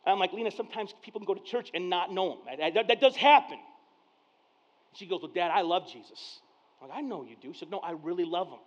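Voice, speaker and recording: A pastor preaching a sermon to his church, telling family stories in a casual, conversational way and acting out the dialogue, dropping to a hush and then getting loud. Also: high voice, fast talker. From Mexican heritage. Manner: conversational storyteller, acts out dialogue, swings from hushed to loud. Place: church service. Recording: dull lo-fi sound.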